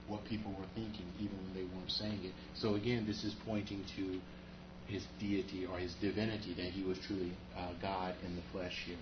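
A man's voice: lowish voice, background noise. A man preaching a sermon as pastor, talking conversationally and speaking to the congregation with rhetorical asides. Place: church sanctuary. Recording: echoey, muffled church hall audio.

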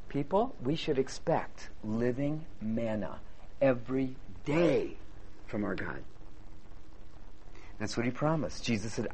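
Lively, animated male preacher. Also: on the high side. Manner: lively, chatty preaching with audience banter and quips. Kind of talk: sermon.

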